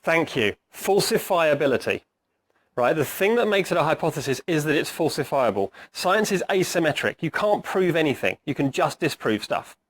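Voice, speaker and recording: A middle-aged man giving a conversational talk to a live audience, quizzing them and tagging "right?" onto his points, his voice going hoarse. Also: on the high side, very animated, normal speed. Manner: conversational, asks the audience questions, says "right?" often. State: hoarse, clearing his throat. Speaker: agile coach giving a talk. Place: meeting room with an audience.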